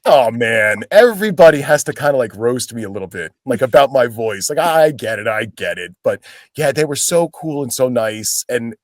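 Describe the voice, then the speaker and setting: A man's voice: mid-range voice, normal speed, dry recording, clean studio sound. A middle-aged man, an actor and guest, telling casual stories and acting out the voices of the people in them. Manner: animated, acts out voices of people in his stories. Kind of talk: casual anecdotal storytelling.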